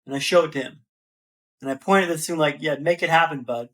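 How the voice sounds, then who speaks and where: High-voiced man telling lively stories. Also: brisk. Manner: animated, slangy, calls listener man and brother. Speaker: podcast guest. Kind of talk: casual storytelling.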